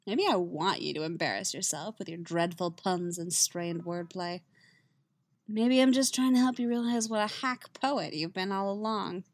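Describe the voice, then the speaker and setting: A woman's voice: medium pitch, normal speed, no echo, close to an everyday voice. A woman voicing a cool sorceress who teases in a prim, dry way. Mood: dry teasing.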